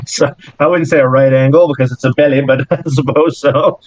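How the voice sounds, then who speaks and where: A man's voice: medium pitch, steady tone, normal speed, a little mellow, no echo. A man running a tabletop game as game master, narrating descriptively with fillers and chuckles. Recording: dry, muffled lo-fi audio.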